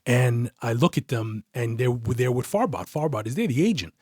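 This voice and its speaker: A man, a retired detective as a podcast guest, telling a story in a casual, profane, animated way. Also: medium pitch, normal speed, breathy edge, dry recording, studio quality. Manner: profane, animated, acts out quoted voices.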